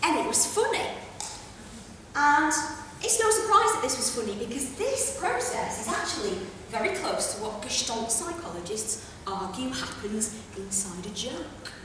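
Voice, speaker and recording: A woman giving a chatty, brash stand-up comedy lecture on a theatre stage, with quick asides. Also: on the high side, big pitch swings, pushed and bright, far from the mic, a little hiss or hum. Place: theatre stage before a live audience. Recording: echoey hall recorded from afar.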